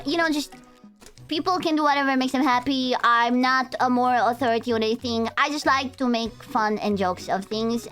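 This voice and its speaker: Young woman from romania, high voice, streamer, casual rambling chat, playful, swears, faint background music. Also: fairly bright tone.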